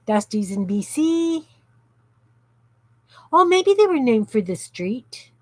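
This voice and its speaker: This time her voice is a little high and sing-song, slow and darkish in tone, on a low-quality recording. Working in her home craft room, the Canadian host chats casually and reads out comments from viewers on her craft livestream.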